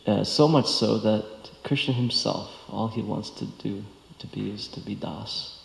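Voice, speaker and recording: A man giving a devotional scripture lecture, speaking haltingly with many fillers and restarts, recorded in a temple hall. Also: on the low side, gravelly.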